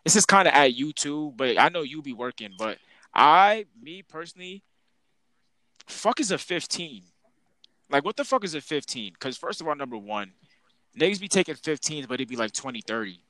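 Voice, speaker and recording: A man's voice: on the high side, lively intonation, moderate pace, sharp tone, no room sound, low-quality recording. A young man co-hosting a casual podcast, ranting in an exasperated, slang-heavy way about his coworkers. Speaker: podcast co-host.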